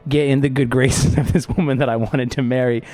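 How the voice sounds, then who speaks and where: A man's voice: mid-range voice, fairly quick. A man from Florida hosting a podcast in casual chat, joking and laughing often. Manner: laughing, joking, animated banter. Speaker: podcast host.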